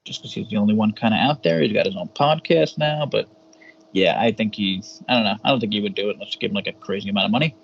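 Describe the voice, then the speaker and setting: A man's voice: fairly low pitch, fast talker, creaky. A man co-hosting a podcast, chatting casually and rambling through a wrestling review with hesitant fillers and casual swearing. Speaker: podcast co-host. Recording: dull lo-fi sound with faint hum.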